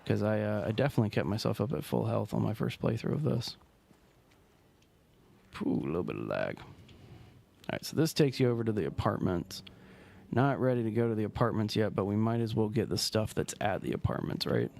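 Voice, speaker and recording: A man's voice: lowish voice, a little fast, vocal fry. A man streaming a video game, talking casually and rambling as he plays. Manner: rambling, relaxed, trails off mid-sentence. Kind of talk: casual gameplay commentary.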